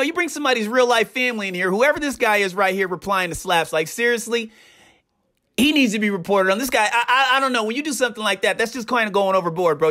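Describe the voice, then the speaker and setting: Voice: medium pitch, pushed and bright. A young adult streamer giving indignant reaction commentary, ranting and repeating rhetorical questions.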